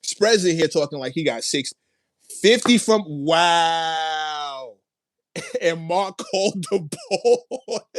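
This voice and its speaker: A man's voice: on the high side, expressive, slow pace, no echo. A man hosting a casual livestream, reacting to viewer comments with hyped, laughing energy, playful slang and lots of repeated phrases. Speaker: livestream host.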